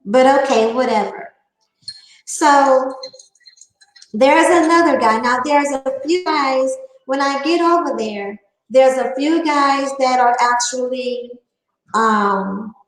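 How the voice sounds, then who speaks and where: A woman with a Southern twang and a high voice, speaking in a casual vlog. She talks in a defiant, emphatic way, drawing out her words slowly. Her voice rings in an echoey room. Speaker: channel host.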